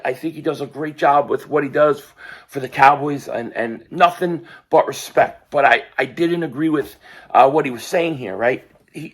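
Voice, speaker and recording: Hoarse male sports vlogger, slightly high voice, opinionated, rambling delivery. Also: fairly bright tone. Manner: opinionated, rambling with restarts and fillers. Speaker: sports channel host. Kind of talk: casual sports commentary vlog.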